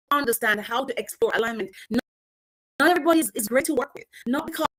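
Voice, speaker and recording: A woman's voice: fairly high pitch, poor audio. A woman from Jamaica, giving an emphatic, punchy motivational talk on a livestream. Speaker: speaker.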